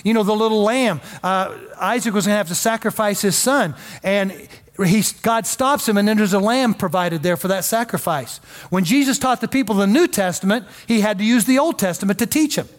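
A man's voice: sits high, brisk. A male pastor preaching a sermon in a folksy, emphatic way with joking asides.

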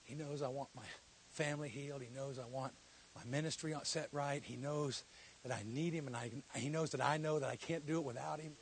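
A man preaching a sermon, telling a story and then building to loud, shouted exhortation before a church congregation. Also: medium pitch, fairly even intonation, brisk, slight background noise. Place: church hall.

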